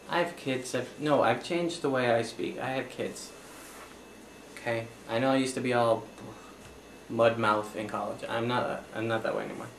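A young man talks in a flustered, apologetic way, pleading and backtracking. His voice sits mid-range. The room is echoey with a faint hiss behind. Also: medium pitch. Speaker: comedy performer as accountant. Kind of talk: one-sided improvised comedy scene.

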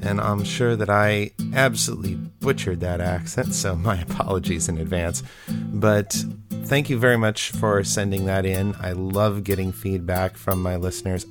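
A man hosting a podcast, chatting casually and playfully about listener feedback. His voice sits on the low side, and he sounds eager and upbeat throughout. Faint guitar music plays underneath. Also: steady tone, normal speed. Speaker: podcast host.

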